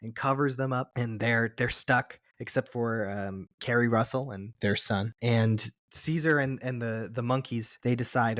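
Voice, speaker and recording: A man's voice: medium pitch, dry recording, clean studio sound. Man animatedly retelling a film plot. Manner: animated retelling with quick put-on quotes of characters; frequent restarts and repeated words. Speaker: podcast co-host. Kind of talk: casual film recap chat.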